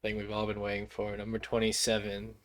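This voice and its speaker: A man chats about horror films on a casual podcast in a relaxed, offhand way. His voice is fairly low and unhurried. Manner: laid-back, brief agreeing replies. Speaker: podcast co-host. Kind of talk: casual movie review chat.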